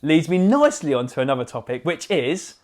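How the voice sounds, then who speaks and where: A man's voice: a little high, very animated, a little fast, a little mellow. A man co-hosting a podcast, casual chat, joking and swearing as he acts out voices. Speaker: podcast co-host.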